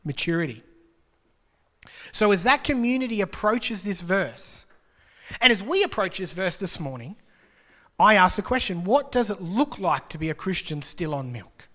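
A man's voice: high-pitched, big pitch swings, normal speed, pushed and bright. A man preaching a sermon to a congregation, chatty and joking, asking rhetorical questions. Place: church hall. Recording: long reverb of a large hall.

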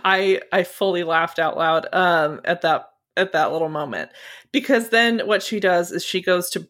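A woman with a somewhat low voice chats casually as a podcast co-host. She retells a film scene in a loose, rambling way, with lots of fillers, swearing and laughter. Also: moderate pace, a bit bright. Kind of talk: casual movie chat.

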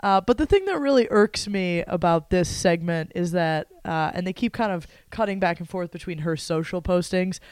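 A woman's voice: on the low side, animated, normal speed, hardly any pauses, darkish tone, clean tone, no echo. A young woman co-hosting a podcast, recapping a reality show in wry, sarcastic chat and laughing often. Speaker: podcast co-host.

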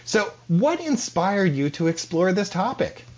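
A man hosting a radio interview, reading out a measured introduction and asking questions. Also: sits high, sing-song. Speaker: radio show host. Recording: dull lo-fi radio sound.

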